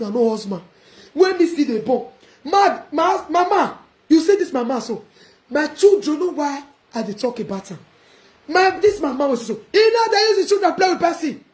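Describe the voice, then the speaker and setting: A woman with a Nigerian Pidgin accent ranting defiantly in a casual live video, breaking into laughter and sudden shouts. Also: high voice, roomy sound. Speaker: vlogger.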